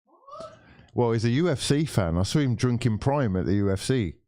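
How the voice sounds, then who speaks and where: A man's voice: medium pitch, expressive, fairly quick, dark tone, dry recording, clean studio sound. A young man streaming a live football watchalong, ranting, swearing and bantering with his viewers. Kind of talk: live watchalong commentary and chat.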